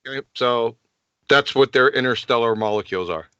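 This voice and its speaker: A man's voice: medium pitch, fairly quick, fairly bright tone, clear, resonant tone, no room sound, muffled recording. A man presenting his slides on a group call, assertive and lecturing.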